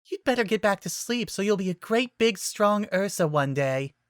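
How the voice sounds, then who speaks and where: A reader voicing a timid, gentle young woman druid who talks softly and sweetly, in an audiobook-style fan reading. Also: mid-range voice, animated, normal speed, no echo, clean studio sound, pitched above the performer's own voice, lightly acted.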